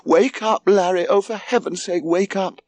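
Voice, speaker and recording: A man's voice: sits high, normal speed, dry recording, pitched above the performer's own voice. A man doing a flustered fussing mother. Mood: alarmed. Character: flustered fussing mother, middle-aged woman.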